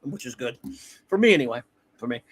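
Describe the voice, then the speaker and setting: A man's voice: medium pitch, lively intonation, a little fast, a little hiss or hum. Rambling middle-aged man reviewing episodes. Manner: rambling, self-correcting, chuckles often. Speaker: podcast host. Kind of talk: casual review chat.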